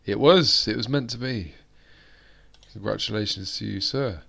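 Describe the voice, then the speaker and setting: A man's voice: lowish voice, normal speed, gravelly, fairly bright tone. A British man hosting a live-stream chat, rambling along with plenty of fillers and restarts. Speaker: host.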